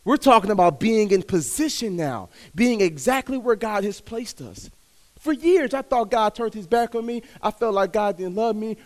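A man from Texas, preaching a sermon in a conversational way, asking the crowd to respond, building up and then dropping to a hush. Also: high voice, lively intonation, moderate pace. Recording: long hall reverb.

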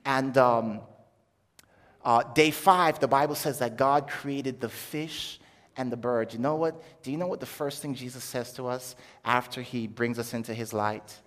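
A young adult man giving an animated testimony sermon as a preacher, acting out quoted voices as he tells his story. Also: medium pitch, measured pace. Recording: long hall reverb.

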